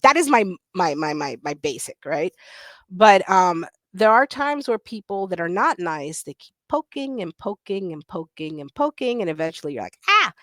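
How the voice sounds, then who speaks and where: On a video call panel, a middle-aged woman with a fairly low voice tells stories candidly, blunt and self-deprecating, laughing often. There is no echo.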